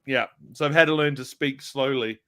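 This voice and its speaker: A man's voice: mid-range voice, normal speed, pushed and bright. A man from New Zealand with a New Zealand accent, rambling jokily and laughing often as a guest in a casual chat.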